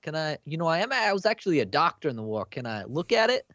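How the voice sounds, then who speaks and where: A man's voice: a little high, sing-song, quick pace, fairly bright tone, no room sound. A man playing his character at a tabletop game, blunt and menacing. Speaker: player. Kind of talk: tabletop role-play. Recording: dull lo-fi stream audio.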